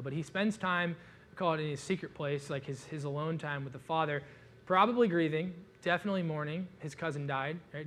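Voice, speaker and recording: A man preaching a conversational sermon, casual and animated, with joking asides and frequent fillers. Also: fairly high pitch. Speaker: pastor.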